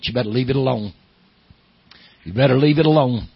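A middle-aged man with a Southern accent, a pastor preaching a sermon, moving from low storytelling to loud, emphatic preaching. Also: fairly quick, creaky, slightly rough, no room sound, lo-fi sound.

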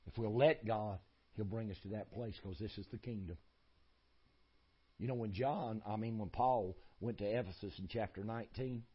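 A man's voice: fairly low pitch, husky, highs cut off. A man preaching a sermon, folksy and emphatic, repeating his points in a rising cadence.

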